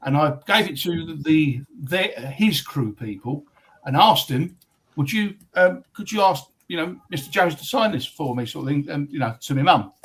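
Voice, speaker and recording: English guest, husky, rambling storyteller, hesitant. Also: male voice, a little high, animated, normal speed, poor audio. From England. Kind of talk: casual chat.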